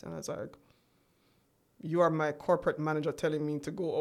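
A woman in her forties speaks as an interview guest, her voice sitting somewhat low. She tells her story in a relaxed, chatty way and slips into the voices of the people she remembers. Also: brisk, long pauses. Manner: chatty, acts out remembered dialogue. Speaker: guest entrepreneur.

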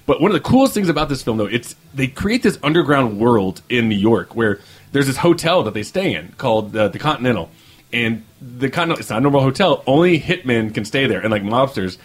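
A man's voice: medium pitch, very animated, fairly quick, breathy edge. A man hosting a casual podcast chat, reviewing films as a rambling storyteller who swears and laughs. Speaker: film reviewer host.

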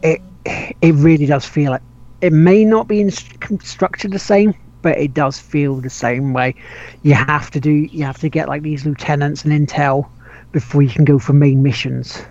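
A man hosts a loose gaming podcast chat, tripping over restarts and laughing with the odd casual swear. His voice is slightly high for a man and a little mellow, with fairly even intonation at a moderate pace, on dull, lo-fi audio.

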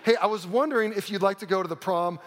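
A man preaching a sermon, telling a story with dramatic drops into a hush. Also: sits high, fast talker, long reverb tail. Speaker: pastor. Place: church auditorium.

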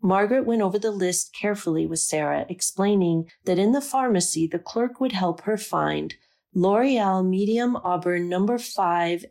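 A woman narrating a story aloud in a calm, measured reading. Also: fairly low pitch. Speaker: audiobook narrator.

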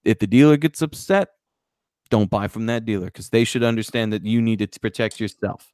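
A man co-hosting a casual podcast, telling wild stories with swearing and lively emphasis. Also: lowish voice, brisk, no echo, clean studio sound. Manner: profane, animated storyteller. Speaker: podcast co-host. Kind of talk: casual chat, storytelling.

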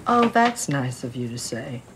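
A woman's voice: rumbling low, sing-song, unhurried, heavily acted. An actress playing a sick, bitter, bigoted older mother who speaks bluntly and cuttingly, in a film clip. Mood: deflecting. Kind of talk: film drama acting. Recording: film clip with clear background noise.

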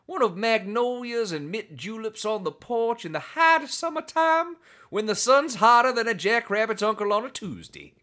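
A man's voice: high voice, sing-song, normal speed, pushed and bright, voice pushed up, full character voice. A man putting on a mocking Southern drawl, playing a folksy good ol' boy storyteller. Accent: put-on American Southern drawl.

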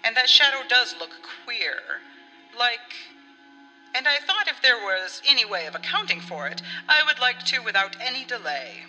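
A woman's voice: on the high side, animated, bright, forceful tone, pitched above the performer's own voice. A woman doing a brusque brother feigning ease. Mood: forced ease. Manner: brisk, with forced ease. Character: forceful middle-aged brother hiding his dread. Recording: long reverb with faint music.

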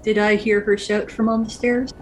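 A woman at a tabletop game speaks in a mid-range voice, earnest and supportive, sometimes rushing her words. A faint background hiss sits under her voice. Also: medium pitch, little pitch movement. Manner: earnest and encouraging, quick bursts. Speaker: player.

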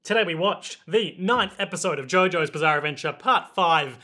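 A man co-hosting a podcast, chatting casually, quick and joking, laughing often. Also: a little high, lively intonation, bright, forceful tone. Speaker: podcast co-host.

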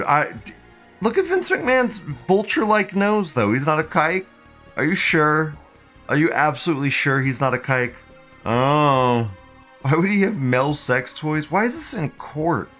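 A man talking off the cuff on a casual livestream, his voice sitting somewhat high for a man. He wanders between half-finished thoughts and often breaks into laughter as he reads out comments. Faint music plays softly underneath. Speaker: livestream host reading viewer chat.

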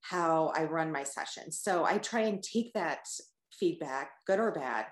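A woman who runs her own photography business, answering reflectively and hesitantly in an interview, with frequent pauses. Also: sits low, lively intonation, roomy sound. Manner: thoughtful, hesitant, many "um"s. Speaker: guest, photographer and business owner.

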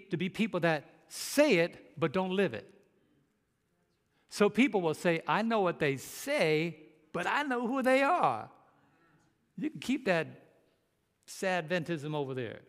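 A man's voice: sits high, big-room sound. A male pastor preaching a sermon, emphatic and asking the congregation rhetorical questions.

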